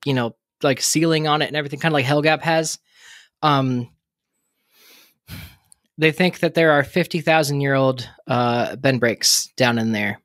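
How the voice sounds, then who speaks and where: A man's voice: a little high, fairly bright tone, no room sound, clean studio sound. A man co-hosting a podcast in casual chat, rambling and joking with lots of fillers and laughs. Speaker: podcast co-host.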